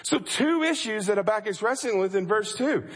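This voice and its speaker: A pastor preaching a sermon, acting out anguished prayers in a pleading tone and repeating phrases for emphasis. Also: male voice, sits high, animated, moderate pace, a bit bright, husky. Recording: long reverb of a large hall.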